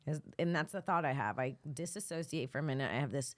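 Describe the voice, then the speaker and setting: A woman's voice: low-pitched, expressive, fast. A young adult woman comedian telling a heated, foul-mouthed story on a podcast, often laughing. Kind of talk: animated storytelling. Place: podcast studio.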